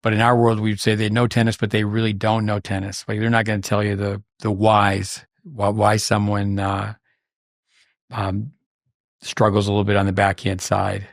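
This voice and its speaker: A man hosting a podcast in loose, casual chat, with a lowish, fairly flat voice. He rambles, often restarting his sentences, and the sound is close and dry with no room echo. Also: normal speed, vocal fry. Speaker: podcast host.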